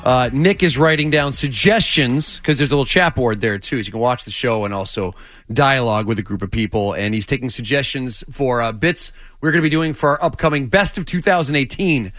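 A man's voice: mid-range voice, fairly quick, fairly bright tone, no echo, soft background music. A man co-hosting a sports radio show, chatting casually and laughing often between points. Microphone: studio microphone.

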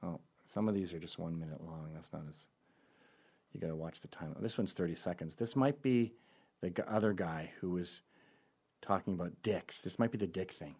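A man's voice: low voice, normal speed, darkish tone, husky. A male host giving sarcastic, mocking commentary on voicemails he plays.

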